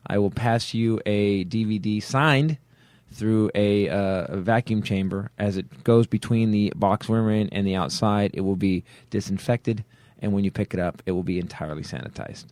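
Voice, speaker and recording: A man's voice: fairly low pitch, moderate pace, dry recording. A man hosting a comedy podcast, joking animatedly and slipping into mock voices. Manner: jokey, animated, often slips into mock voices and laughs. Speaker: podcast host.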